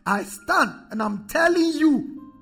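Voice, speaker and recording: A man's voice: very high-pitched, expressive, takes it slowly, fairly bright tone, soft background music, pitched above the performer's own voice, exaggerated voice. A man acting out a proud, indignant male angel messenger who scolds and boasts of his authority.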